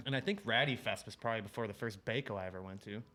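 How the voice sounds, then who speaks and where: Speaking very fast in a fairly low, pushed and bright voice, a pro BMX rider in his thirties from Illinois guests on a podcast. His chat is casual and laid-back, thick with swearing, and his stories lean on quoted exchanges.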